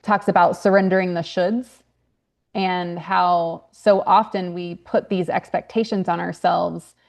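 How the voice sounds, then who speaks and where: A woman's voice: lowish voice, fairly even intonation, measured pace, vocal fry. A young woman, a grief consultant and author, talking earnestly in a podcast interview with frequent fillers and restarts. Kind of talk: podcast interview, casual conversation.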